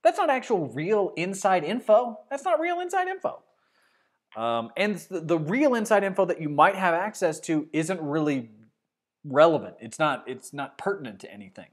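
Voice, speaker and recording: A man's voice: on the high side, big pitch swings, moderate pace. A man in his fifties hosting a sports talk show, speaking casually with fillers and restarts. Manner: conversational, with frequent fillers and restarts.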